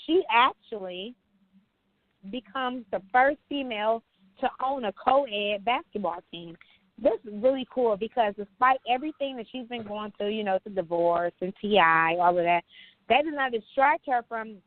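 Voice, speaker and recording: A woman's voice: a little high, moderate pace, no room sound. Blunt chatty woman on a phone line. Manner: blunt, animated storytelling with slang. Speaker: podcast co-host. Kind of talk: casual podcast chat.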